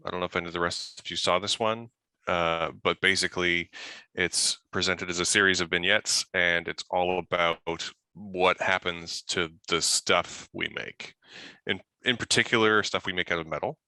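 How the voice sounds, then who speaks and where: A man's voice: sits low, steady tone, moderate pace, bright, forceful tone, no echo. A man guesting in a casual chat over a remote call, easygoing and joking. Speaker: podcast guest.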